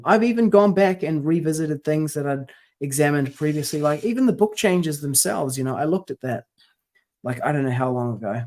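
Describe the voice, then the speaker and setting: A man's voice: a little high, lively intonation, brisk, dark tone. A man co-hosting a podcast in casual chat, rambling through stories and acting out the quotes. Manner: rambling storyteller, acts out quotes. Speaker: podcast co-host.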